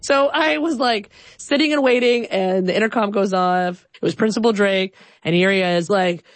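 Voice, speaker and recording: Animated woman telling a personal story. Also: mid-range voice, moderate pace, dry recording. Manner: animated, acts out voices, filler "like".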